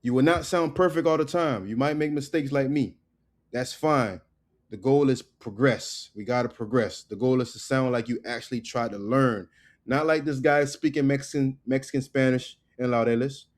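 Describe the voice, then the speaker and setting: A man teaching a casual online language lesson. He drills words slowly and keeps checking in with "right?" and "okay?". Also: medium pitch.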